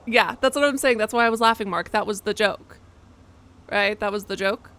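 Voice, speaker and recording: A woman's voice: medium pitch, fairly bright tone. A young woman streamer chatting casually as she plays a horror game, rambling and poking fun at herself. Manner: rambling, self-mocking, quick asides. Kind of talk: casual live-stream chat while playing.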